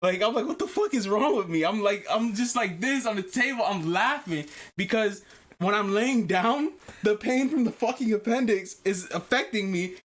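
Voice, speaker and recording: A man's voice: high voice, moderate pace, fairly bright tone. A man hosting a casual podcast, telling a story with lots of swearing and laughing as he goes. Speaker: podcast host.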